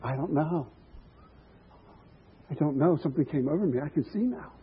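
A man's voice: a little high, lively intonation, normal speed, breathy edge. A man voicing a simple, happy, baffled man who was healed of blindness, speaking plainly with wonder. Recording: tinny phone-like line.

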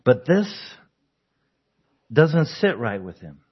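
A man's voice: mid-range voice, sing-song, slow, husky, dull audio. A man preaching a conversational sermon, asking the congregation questions and chuckling often. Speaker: pastor.

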